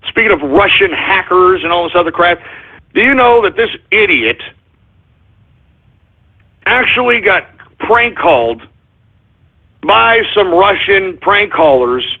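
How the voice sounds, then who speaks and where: A man hosting a political talk radio show, ranting angrily with profanity, shouting in bursts and calling his listeners folks. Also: sits high. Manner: addresses listeners as folks and gives orders to the engineer. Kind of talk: angry political call-in radio rant. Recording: tinny phone-like lo-fi audio.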